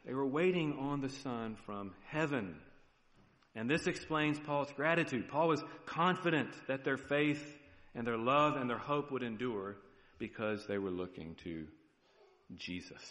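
A male pastor preaching a sermon, animated and emphatic, often checking in with "right?". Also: mid-range voice, measured pace, big-room sound. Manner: lively preaching with rising emphasis and frequent "right?" check-ins.

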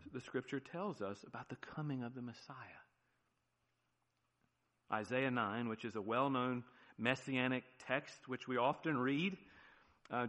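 A man with an American accent, a pastor preaching a sermon with emphatic swings between loud declarations and hushed low phrases, often asking "right?". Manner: asks the congregation "right?" often. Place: church sanctuary. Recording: long church reverb.

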